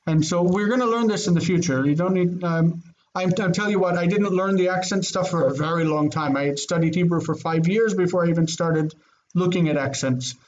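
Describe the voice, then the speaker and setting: A man's voice: high voice, brisk, darkish tone, lo-fi sound, slight background noise. A man teaching a Biblical Hebrew grammar lesson online, explaining with eager enthusiasm and thinking aloud. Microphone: video call.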